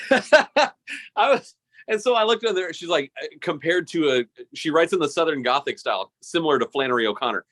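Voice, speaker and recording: A man's voice: a little high, a little fast. Chatty man on a podcast. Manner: animated, laughs often, repeats words when starting. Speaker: podcast co-host. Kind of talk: casual chat.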